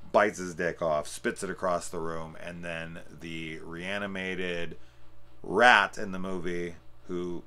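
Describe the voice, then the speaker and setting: A man giving a casual, rambling film review, swearing often and getting excited as he talks. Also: deep voice. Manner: profane, excitable, rambling with fillers. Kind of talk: casual spoiler discussion.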